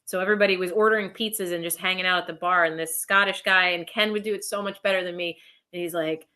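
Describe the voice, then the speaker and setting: Woman guest, bright tone, animated, casual storyteller. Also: lowish voice, fast. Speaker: independent wrestler, guest. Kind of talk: casual chat.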